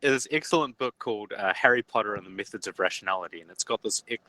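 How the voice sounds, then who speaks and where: A man's voice: fairly low pitch, fast, pushed and bright, a little hiss or hum, low-quality recording. A man in a casual online voice chat, amused and teasing. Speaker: participant in voice chat.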